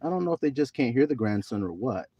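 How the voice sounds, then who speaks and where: A man preaching on a livestream, swinging from soft talk to shouting and drawing out scripture slowly. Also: medium pitch, sing-song, husky, no echo, dull audio. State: teary. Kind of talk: livestream sermon.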